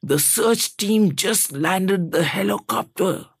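A man voicing a young boy who hides and answers the phone in a hushed whisper, in a slow story told during a sermon. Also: high-pitched, husky, dry recording, studio quality, voice pushed up, exaggerated voice.

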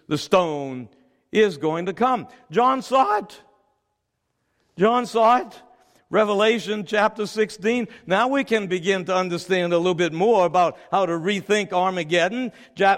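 A man preaching a dramatic sermon, swinging between shouted declarations and hushed, pleading questions. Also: high-pitched, a little slow. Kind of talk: evangelistic sermon. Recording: long hall reverb.

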